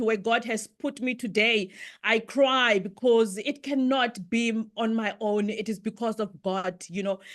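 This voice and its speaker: A middle-aged woman with a slightly high voice speaks over a video call. She delivers a motivational business talk loudly and excitably, with the fervor of a preacher. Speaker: guest speaker.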